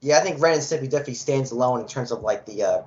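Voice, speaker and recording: A man hosting a podcast, chatting in a relaxed, agreeable way with lots of yeahs. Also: medium pitch, rapid-fire, a loud crowd. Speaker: podcast host. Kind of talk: casual chat. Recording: dull lo-fi audio.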